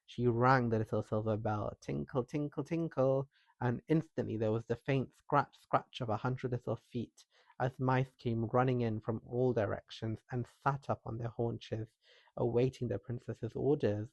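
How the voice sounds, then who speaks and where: Male storyteller, calm bedtime narration, soft, mid pitch, dry close sound. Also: moderate pace, gravelly, no room sound, muffled recording. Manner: soft and calming.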